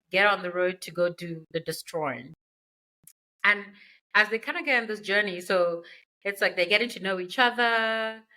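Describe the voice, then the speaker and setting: A woman's voice: medium pitch, pushed and bright, poor audio. Chatty woman recapping a book. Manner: chatty, slangy retelling with asides. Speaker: podcast host.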